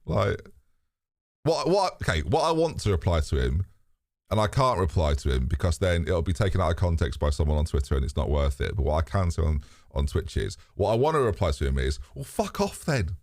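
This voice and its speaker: A man's voice: sits low, very animated, a little fast, a little mellow, no room sound, clean studio sound. A British man hosting a live stream, chatting candidly to his viewers in a rambling way, swearing freely and laughing often. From Britain. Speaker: streamer and host. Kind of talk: casual live-stream chat.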